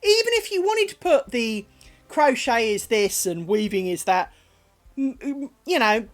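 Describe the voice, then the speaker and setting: A woman's voice: a little high, big pitch swings, measured pace, soft background music. A middle-aged British woman streaming from home, chatting casually while she crafts, rambling along with dry humour and plenty of swearing.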